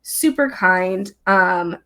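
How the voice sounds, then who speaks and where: A young woman chatting casually as a guest, bubbly and excitable, with many fillers and frequent laughs. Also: mid-range voice, drawn-out words, gravelly. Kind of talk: casual chat. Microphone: streamed live remote talk.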